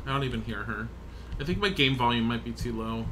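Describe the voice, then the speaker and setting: Calm man gamer, noisy mic. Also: medium pitch, quick pace. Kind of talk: casual gaming chat. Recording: clear background noise on mic.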